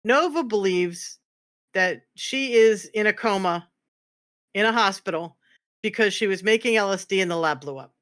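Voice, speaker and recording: A bright, forward voice tumbles through a casual roleplay recap. The speaker swears freely, restarts sentences and repeats points for emphasis. The pitch sits mid-range. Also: animated, normal speed. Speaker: roleplay streamer guest.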